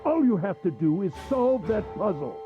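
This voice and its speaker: A pompous, sneering gentleman villain in a game, his raised voice leaping theatrically up and down as he taunts. He laughs cruelly between lines. Game music runs behind him. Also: high-pitched, very animated, moderate pace, muffled recording. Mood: mocking.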